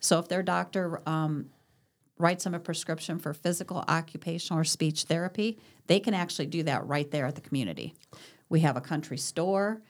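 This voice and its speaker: A woman with a low-pitched voice talks as a guest on a senior services show. She explains patiently, giving examples and affirming often. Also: a little fast. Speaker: guest from senior living community. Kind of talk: casual interview chat.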